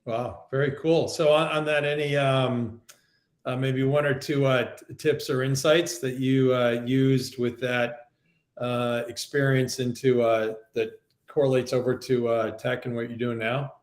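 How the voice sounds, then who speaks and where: A man's voice: mid-range voice, level tone, unhurried. Hesitant male host in a roomy echo. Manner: hesitant, many fillers. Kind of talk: interview questions.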